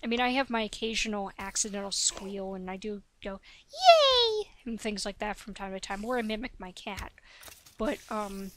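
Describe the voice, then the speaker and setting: A woman's voice: medium pitch, fairly even intonation, moderate pace. A woman in her late twenties with a youthful-sounding voice chatters nonstop as she narrates her own gameplay footage. She talks in a hyper, rambling way and sounds a little sniffly. A faint hiss sits under the recording. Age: 20s. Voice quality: young-sounding voice. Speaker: let's play host. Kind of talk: game commentary voice-over.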